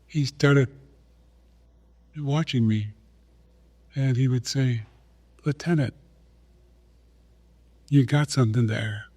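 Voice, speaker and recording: A mellow, medium-pitched man in his 80s from South Dakota, USA, a retired Olympic runner, tells stories as a guest in conversation. He speaks unhurriedly and acts out remembered dialogue.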